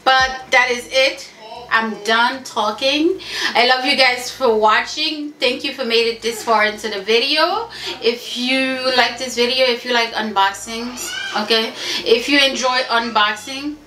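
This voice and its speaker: A woman's voice: on the high side, unhurried, sharp tone, echoey room. A woman from Haiti doing a casual beauty unboxing at home, chatty and gushing, calling her viewers y'all. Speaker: beauty vlogger. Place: home room with family noise around.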